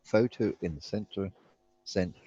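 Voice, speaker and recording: A man in a casual live stream chat, relaxed and quick to laugh. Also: deep voice, lo-fi sound, very noisy.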